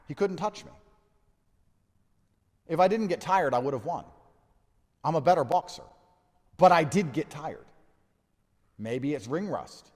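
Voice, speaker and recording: A man's voice: a little high, big-room sound. A man in his thirties speaking in a blunt, defiant and profane monologue about losing a fight. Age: 30s. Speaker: fighter reflecting on a loss. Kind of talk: candid monologue.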